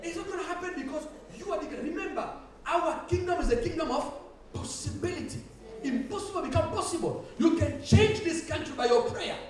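A pastor preaching a sermon, repeating his phrases, building to shouts and laughing as he goes. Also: very high-pitched, lively intonation, a little fast. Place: church hall. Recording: echoey church hall from far off, faint hiss.

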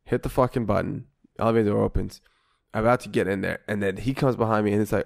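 A man's voice: lowish voice, fairly even intonation, fast talker, gravelly. A man co-hosting a podcast, telling a long story in casual chat, swearing constantly and acting out both sides of an argument. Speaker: podcast co-host.

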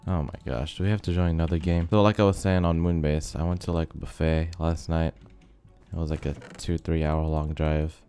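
Laid-back young man with a deep voice. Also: level tone, brisk, warm tone. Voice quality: slightly sick, rough voice. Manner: rambling, filler-heavy, laid-back. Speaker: gaming video host. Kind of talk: casual commentary over gameplay. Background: faint background music.

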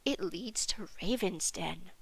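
Woman playing a gentle butterfly governess. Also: on the low side, slow, vocal fry, breathy edge, dry recording, pitched below the performer's own voice, full character voice, poor audio. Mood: reassuring. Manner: calm, reassuring. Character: gentle protective giant butterfly governess, female.

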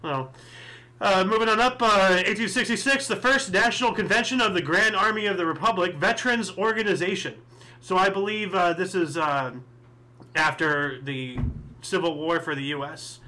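High bright-voiced man rambling through history. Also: moderate pace, slight background noise. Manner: rambling, thinks aloud with many fillers and asides. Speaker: history show host. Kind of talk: casual solo commentary reading history events.

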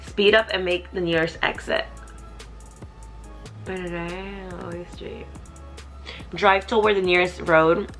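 A young woman talking casually in a vlog, chatty and profane, thinking out loud. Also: on the low side. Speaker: vlogger.

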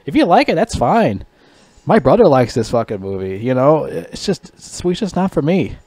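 Profane, rambling man with a lively voice. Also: fairly high pitch, normal speed, no echo. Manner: profane, rambling, laughs at his own jokes. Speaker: movie reviewer. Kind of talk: casual rant.

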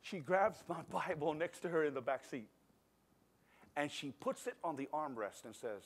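A middle-aged man preaching a sermon in a church service, telling a personal story in a conversational, animated way and swinging between quiet and loud. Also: a little high, normal speed, breathy edge. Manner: animated, conversational, acts out scenes with shifting loudness. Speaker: pastor.

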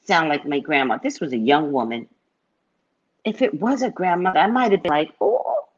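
A middle-aged woman from California, telling stories in an animated, chatty live-stream chat. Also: low voice, a little fast. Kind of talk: casual storytelling chat. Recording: dull lo-fi recording.

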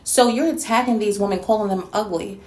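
A woman's voice: medium pitch, fairly quick, roomy sound. A woman from New York City delivering a scolding, sassy rant in a response video. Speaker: YouTube commentator.

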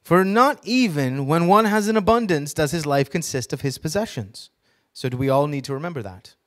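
A man preaching a sermon in a slightly higher voice than most men. He reads scripture aloud with emphasis and keeps asking his listeners questions. Now and then he drops a joking aside. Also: expressive, moderate pace. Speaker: pastor.

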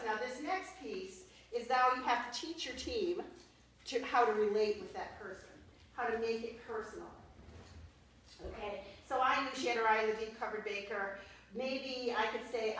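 A woman trains a sales team before a group in a meeting room, coaching upbeat and checking in with "okay?" as she leads a talk with role-play. Her voice is on the high side, brisk and fairly bright. The recording is echoey with a distant mic and a little hiss or hum.

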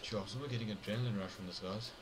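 A man's voice: on the low side, steady tone, racing, background noise. A young man playing a horror game and commenting for viewers, joking, muttering and yelping when startled. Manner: jokey, jumpy, talks to viewers, swings between mutters and yelps. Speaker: gameplay commentator.

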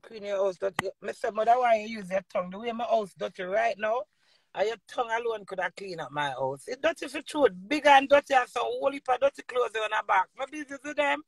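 A woman's voice: on the high side, a little fast, gravelly, no echo. A middle-aged woman from Jamaica with a Jamaican accent, ranting boisterously to her viewers in patois and laughing often. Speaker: vlogger. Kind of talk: casual rambling rant to viewers.

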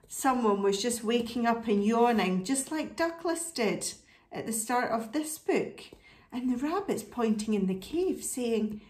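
A woman reading a picture book aloud to children, animated and asking her listeners questions. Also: fairly high pitch, a little slow, roomy sound. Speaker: storybook reader.

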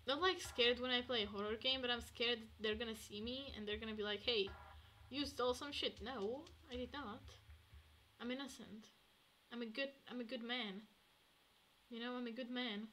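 A woman streaming a game, chatting to herself and swinging between hushed murmurs and excited outbursts. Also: fairly high pitch, moderate pace, slight background noise. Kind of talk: casual gameplay commentary.

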